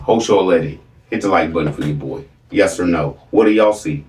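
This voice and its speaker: A man's voice: sits low, brisk, darkish tone, reverberant, distant mic, a little hiss or hum. A man hosting a reaction video, mocking a clip with sarcastic commentary and repeated catchphrases.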